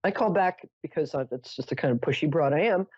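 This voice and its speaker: A woman's voice: sits low, expressive, fast talker, darkish tone, slightly rough, no echo, dull audio. A woman hosting a psychic call-in show, telling a story in a chatty, theatrical way with self-mocking asides. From New York. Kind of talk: casual storytelling to callers.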